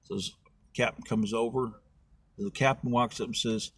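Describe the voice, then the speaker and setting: Talk as a middle-aged man spinning a homespun history yarn for your voters. Stay husky and plain, close to the mic and dry. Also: medium pitch, steady tone, moderate pace, no echo. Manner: folksy, acts out voices in his stories. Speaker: political candidate. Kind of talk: storytelling political talk.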